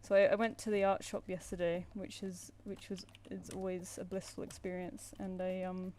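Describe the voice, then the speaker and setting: Here a Southern English woman from England, an artist who streams, talks casually as she draws at home in a flat shared with a cat, often rambling and restarting. Her pitch sits fairly low and her tone stays level and darkish at normal speed. A little hiss or hum can be heard.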